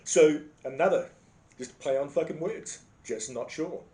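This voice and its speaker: A man's voice: a little high, unhurried, warm tone. An Australian man telling a profane, sarcastic comic story, swearing constantly in a blunt way. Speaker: comedic storyteller. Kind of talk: profane comedic anecdote. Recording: roomy echo.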